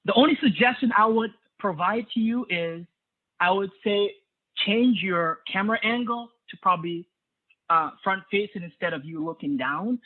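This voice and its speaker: A man's voice: sits high, moderate pace. A man giving an enthusiastic spoken evaluation of a club speech over a video call. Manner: enthusiastic, praising. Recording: tinny phone-like audio.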